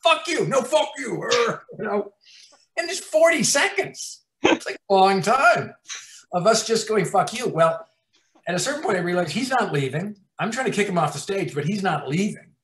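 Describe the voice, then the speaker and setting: A man, a TV writer-producer, telling profane, animated stories in an interview and acting out scenes. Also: sits high, normal speed. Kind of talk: anecdotal storytelling in an interview. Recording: roomy echo.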